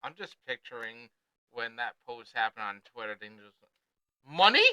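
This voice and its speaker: A man's voice: medium pitch, level tone, a little fast, pushed and bright, clear, resonant tone, no room sound, rough recording. A man co-hosting a casual sports podcast, tossing in joking asides and laughing along. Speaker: podcast co-host.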